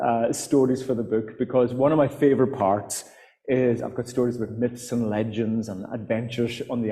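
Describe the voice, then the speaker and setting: A Scottish man from the Outer Hebrides spins stories on stage, hesitating with fillers and restarts. His voice is mellow and warm, carried by a live mic into a long-echoing hall. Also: mid-range voice. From Outer Hebrides, Scotland. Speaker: author and guest speaker. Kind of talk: storytelling talk to a live audience. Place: festival hall.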